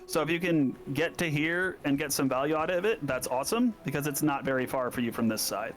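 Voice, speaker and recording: Higher-voiced man coaching a game. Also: expressive, fairly quick, over loud music. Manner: patient, stumbles over names. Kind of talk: casual explaining on a stream.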